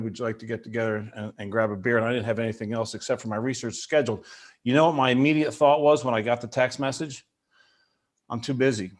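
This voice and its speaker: Male podcast host, mid-range voice, eager and chatty, loose conversational delivery. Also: mid-range voice. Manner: enthusiastic, chatty, many fillers. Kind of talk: casual podcast interview.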